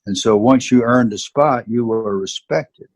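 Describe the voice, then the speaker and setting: A man's voice: mid-range voice, unhurried, dry recording. A man in his seventies with a Southern US accent, telling stories from his career earnestly and emphatically as an interview guest. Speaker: guest, former football player and coach. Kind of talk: interview, personal storytelling.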